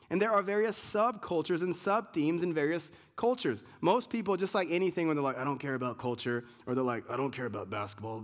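A man preaching a sermon in a loose, conversational way, often restarting and acting out what people say. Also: sits high. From United States. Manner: conversational preaching with many restarts and acted-out quotes. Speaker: pastor.

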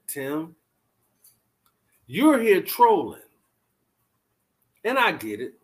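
Blunt animated man chatting to viewers. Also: high voice, extremely slow, pauses often. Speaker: vlogger reacting to live chat. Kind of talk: casual commentary on a live stream.

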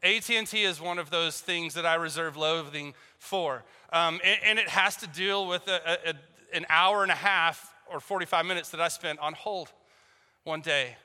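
A pastor preaches a sermon in a church hall, telling a story and acting out both sides of a phone call with jokes. His fairly high voice is bright, forceful, and smooth at normal speed. Long hall reverb fills the recording.

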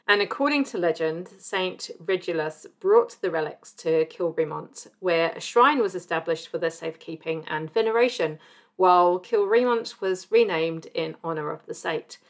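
Woman from New Zealand, podcast host, lowish voice, scripted narration, interview questions. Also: fairly bright tone.

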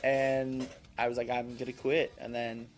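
A man's voice: medium pitch, monotone, measured pace. A young man chatting casually as a show regular, telling stories in a laid-back, giggly, profane way. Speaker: tattoo artist, cast member. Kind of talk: casual chat.

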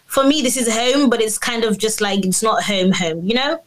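A woman from Zimbabwe, speaking as a guest in a casual discussion, thoughtful and measured. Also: on the high side.

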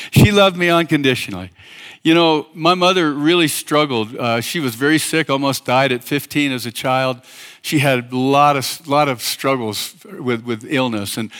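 A man's voice: a little high, a bit bright. A man preaching a church sermon as pastor, speaking emphatically, calling out questions for the congregation to answer, and often restarting his phrases. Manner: emphatic, with call-and-response and many restarts. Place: church service.

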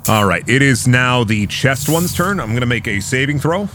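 A man narrating as game master of a tabletop game, relaxed and full of ums and uhs. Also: medium pitch, moderate pace, slight background noise. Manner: relaxed, with frequent fillers.

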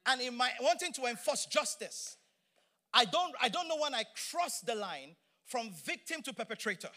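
A man delivers a sermon in a high, bright voice. He preaches with energy, leaning on words for emphasis and slipping in playful asides. He sounds middle-aged. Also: lively intonation, moderate pace. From Nigeria.

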